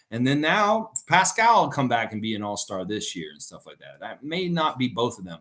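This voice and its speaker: A man's voice: medium pitch, a bit bright. A middle-aged man hosting a casual live stream. He rambles, reads out viewer comments and tells stories with frequent laughs.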